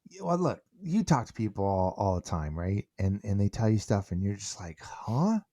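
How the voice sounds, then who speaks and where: A middle-aged man, a podcast guest, telling stories in a lively way, often repeating words as he restarts and acting out what people said. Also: fairly low pitch, normal speed, no echo, clean studio sound. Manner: animated, repeats words when restarting, acts out quoted dialogue. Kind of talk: conversational storytelling.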